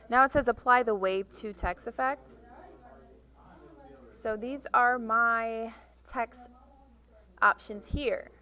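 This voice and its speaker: A woman teaching a software tutorial, talking through each click step by step and reading instructions aloud. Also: medium pitch, gravelly. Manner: reads instructions aloud, correcting herself. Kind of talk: screen-recorded software tutorial.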